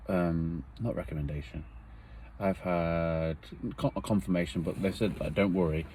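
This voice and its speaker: Deep-voiced man telling a story. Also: fairly even intonation, normal speed, mellow, slight background noise. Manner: earnest, rambling, emotional retelling. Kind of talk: personal storytelling.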